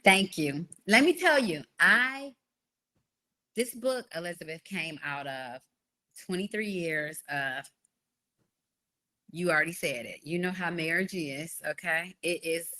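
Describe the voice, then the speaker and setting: A woman's voice: on the low side, unhurried, long pauses. A woman in her forties, a guest author explaining her ideas in a podcast interview, often checking in with "right?". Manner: animated, explains with repeated "right?".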